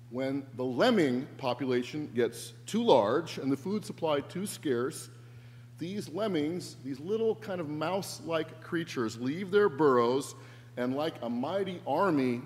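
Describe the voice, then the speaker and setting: Earnest pastor preaching in an echoey church. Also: male voice, a little high, a little mellow. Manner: earnest, reflective, varied emphasis. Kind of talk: sermon. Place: church sanctuary. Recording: echoey church with faint hum.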